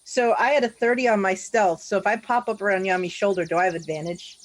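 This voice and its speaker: A woman playing a tabletop game, declaring her character's moves briskly. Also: mid-range voice, steady tone. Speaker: player.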